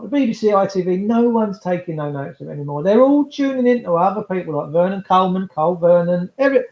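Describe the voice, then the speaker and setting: A livestream host rambles chattily to his viewers in a casual monologue. His voice sits high with a darkish tone, and the recording sounds roomy and slightly dull.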